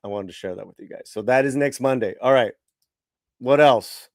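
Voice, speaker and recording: A man's voice: mid-range voice, normal speed, a little mellow, no room sound, studio quality. A man hosting a casual talk show, chatting enthusiastically and loosely. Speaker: podcast host.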